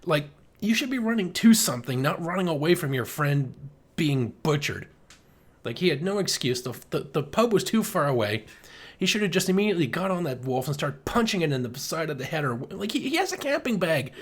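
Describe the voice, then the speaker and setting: A man's voice: on the high side, big pitch swings, brisk, slightly rough. A man co-hosting a podcast, chatting casually and rambling with lots of "like" and frequent laughter. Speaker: podcast co-host. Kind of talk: casual chat.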